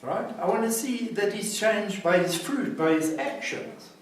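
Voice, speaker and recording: A South African man with a slightly high voice teaches a class in an emphatic, preaching manner, pressing his listeners with questions. He is picked up from across a strongly echoing room by a distant mic. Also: expressive, a little slow, slight background noise. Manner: emphatic, keeps asking "see what I'm saying?". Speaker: recovery centre teacher. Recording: very echoey room, mic far off.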